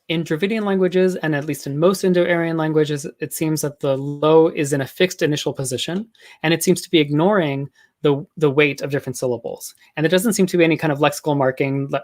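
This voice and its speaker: A man giving a measured, explanatory academic lecture, pausing often with ums and uhs. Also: a little high. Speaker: linguistics lecturer.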